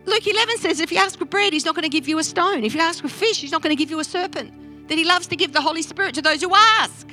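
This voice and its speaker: A woman pastor preaching a sermon in a church, animated and talking straight to the congregation. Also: extremely high pitch, quick pace, faint music behind. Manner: animated, interactive preaching with acted-out quotes. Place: church service.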